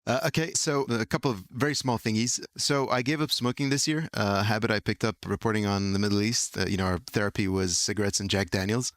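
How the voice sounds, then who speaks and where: A man editor chatting on a podcast in a relaxed way, with many hesitations. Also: fairly low pitch, fast, hardly any pauses, no room sound, studio quality. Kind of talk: casual chat.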